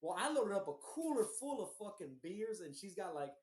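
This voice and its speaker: A man from Houston with a hoarse, recovering voice, co-hosting a podcast and telling rambling, profane stories in a casual chat. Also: high-pitched, brisk, roomy sound. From Houston, Texas. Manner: profane, rambling, animated storyteller. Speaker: podcast co-host.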